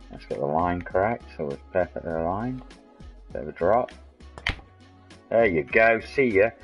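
A man's voice: very deep voice, muffled recording. A man, chatting and rambling in a matey way to viewers of his game stream. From England. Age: 40s. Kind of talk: casual live-stream chat.

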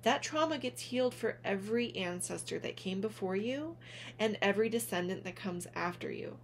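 A woman speaking gently and earnestly to her viewers in a heartfelt vlog, calling them honey as she encourages them. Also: mid-range voice, animated, moderate pace, slight background noise. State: tearful at moments. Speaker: spiritual vlogger, reader. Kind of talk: heartfelt direct-to-camera vlog.

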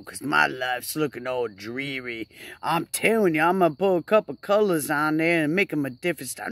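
A woman's voice: deep voice, lively intonation, normal speed, dry recording. A woman rambling casually to her camera outdoors by a fire, stretching out her words for emphasis. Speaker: vlogger.

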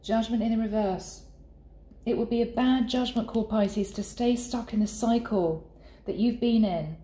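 A woman giving a channeled tarot reading in an earnest, soft and sometimes emotional way. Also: fairly high pitch, unhurried. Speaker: tarot reader. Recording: echoey room with faint ambience.

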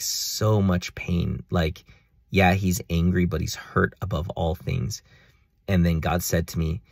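Young male vlogger, deep gravelly voice, close dry sound, earnest and rambling. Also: darkish tone, no room sound. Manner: earnest, rambling, many fillers. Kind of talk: casual personal video diary.

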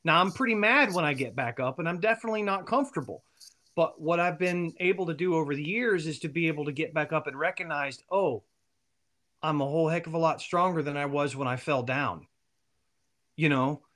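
A man guest telling long, animated stories and laughing at his own jokes. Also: on the high side, a little fast. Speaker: guest, band member. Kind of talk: storytelling interview answer.

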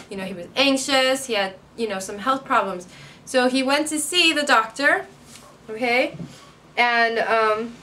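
A woman English teacher tells a story in a lively, animated way, acting out the quoted lines. Her voice sits a little high and sounds bright. She often checks in with "right?" and "okay?". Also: slight background noise. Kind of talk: retelling a story for English learners.

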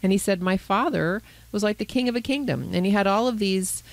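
A woman, a Christian counselor co-hosting a podcast, retelling a Bible parable in a lively storytelling way. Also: mid-range voice, a little fast, gravelly, no echo, poor audio. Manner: animated storyteller who voices characters. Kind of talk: conversational Bible teaching.

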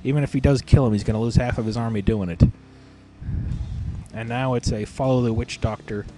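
A man's voice: medium pitch, fairly even intonation, a little fast, loud music behind the voice. Profane joking male game commentator. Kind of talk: casual replay commentary.

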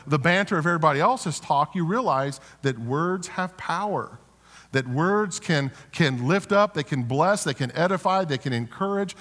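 A man's voice: a little high, a bit bright. A man preaching a sermon as pastor, conversational and storytelling, with rhetorical questions and frequent restarts. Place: church sanctuary. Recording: long church hall reverb.

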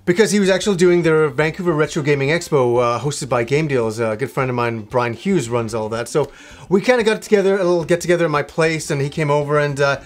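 A man's voice: a little high, fast. A man talking casually to camera from a room in his home, rambling enthusiastically with lots of fillers and restarts. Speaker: video game vlogger.

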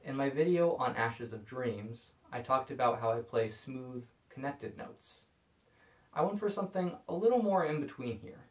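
A man calmly explaining violin bowing technique in a scripted video lesson. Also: mid-range voice, moderate pace. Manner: calm, explanatory. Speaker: violin teacher. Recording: echoey room.

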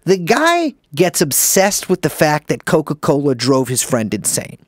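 A young man co-hosting a podcast, rambling and swearing, often cutting himself off, with big jumps in pitch. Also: huge pitch swings, unhurried, no echo, studio quality. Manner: rambling, swearing, self-interrupting with wide pitch swings. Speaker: podcast co-host. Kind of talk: casual podcast chat.

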